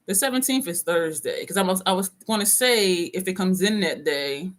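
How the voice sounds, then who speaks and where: Chatting casually on a live stream from her desk at home, a woman vlogger greets viewers by name and reads their comments aloud. Her voice is fairly low, expressive, and at normal speed.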